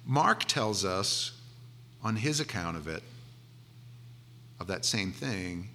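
Guy preaching a casual sermon, bright punchy voice, acts out the disciples talking. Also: fairly low pitch, takes it slowly, slight background noise. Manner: conversational and animated, acting out voices of disciples.

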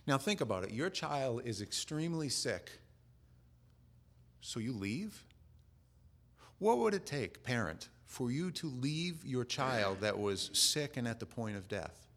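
A man's voice: mid-range voice, animated, a little slow, a bit bright. A man preaching a sermon, earnestly explaining scripture and asking the listeners questions, with restarts and asides.

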